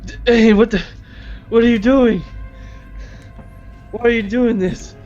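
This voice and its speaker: A man's voice: very high voice, fairly even intonation, slow pace, dull audio, faint music behind, pitched above the performer's own voice. A man putting on a panicked woman's cries. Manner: frantic pleading shouts. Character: panicked woman's voice coming from the player's character.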